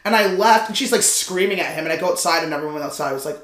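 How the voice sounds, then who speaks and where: A man in casual podcast chat, spinning a lively anecdote and jumping into other people's voices as he goes. His tone is bright and forward, and the room gives it a noticeable echo. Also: on the high side, rapid-fire, few pauses. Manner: animated storytelling, acting out voices. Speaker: guest comedian. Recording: roomy echo.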